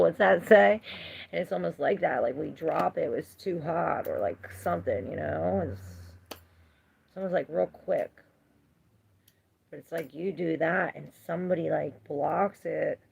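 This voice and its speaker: A woman's voice: low-pitched, gravelly, a little mellow, slight background noise. A woman giving a live tarot reading, chatting with viewers, reading their comments aloud and laughing often. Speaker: tarot reader.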